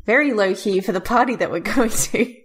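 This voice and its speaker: A woman player in a tabletop game, teasing and quick to laugh. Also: medium pitch, husky.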